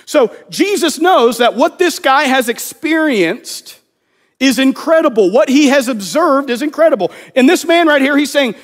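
A man's voice: very high voice, lively intonation, normal speed. A man preaching a sermon in a conversational way, acting out the voices of people he quotes. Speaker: pastor.

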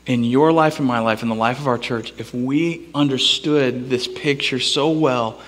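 A man preaching a sermon in a church, telling a story with animated voices for the people in it. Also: normal speed, long reverb tail. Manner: storytelling, animated, acts out characters with big pitch jumps. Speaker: pastor. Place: church sanctuary.

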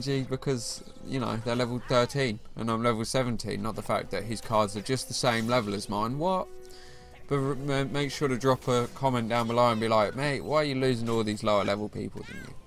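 A man's voice: mid-range voice, fairly bright tone. A young man commentating his own mobile game match in a slangy, chummy way, calling the viewer mate and G. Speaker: gaming channel host. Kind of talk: live gameplay commentary.

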